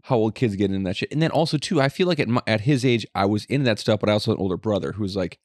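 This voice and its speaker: A man's voice: lowish voice, racing, dry recording, studio quality. A young man co-hosting a casual podcast, rambling with lots of swearing and filler words. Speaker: podcast co-host. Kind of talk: casual chat.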